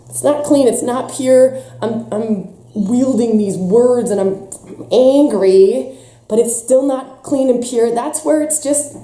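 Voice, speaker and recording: A woman's voice: a little high, dark tone, echoey room. A woman teaching a spiritual workshop, talking intensely and emphatically with a stuffy nose, sometimes mocking others in put-on voices. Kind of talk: impassioned teaching talk.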